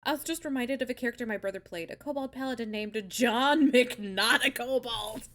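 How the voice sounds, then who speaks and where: A woman's voice: fairly high pitch, normal speed, fairly bright tone. A young woman hosting a live stream, chatting casually and swearing freely as she reacts to stories. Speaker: streamer host.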